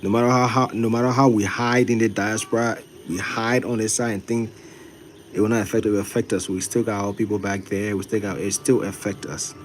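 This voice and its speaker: Fired-up man, low voice. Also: little pitch movement, fairly quick, slight background noise. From Liberia. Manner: earnest, fired-up and repetitive. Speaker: content creator. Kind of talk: livestream chat.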